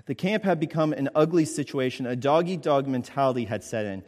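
A man's voice: medium pitch, animated, a little fast, darkish tone, long reverb tail. A man preaching a sermon, emphatic, repeating his points and checking in with the congregation. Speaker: pastor.

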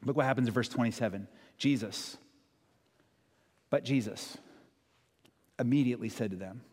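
A man preaching a sermon in a church, talking in an animated, conversational way with dramatic emphasis. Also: medium pitch, normal speed, husky. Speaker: pastor. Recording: long hall reverb.

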